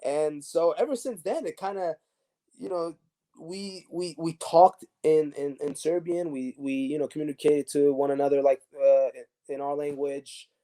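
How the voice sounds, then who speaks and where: A man's voice: on the high side, a little slow. A man, a former professional soccer defender, telling stories in a casual interview with lots of restarts and fillers. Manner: animated, many restarts and fillers.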